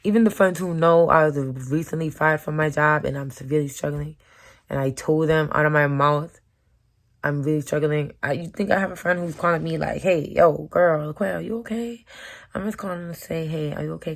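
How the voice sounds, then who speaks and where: A woman vlogger talking frankly and emotionally into the camera, with casual slang and swearing. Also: low-pitched. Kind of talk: candid personal vlog talk.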